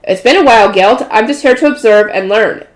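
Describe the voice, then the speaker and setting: A woman's voice: fairly high pitch, a little fast, natural voice. A woman reading as an easygoing guildmaster. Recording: roomy echo.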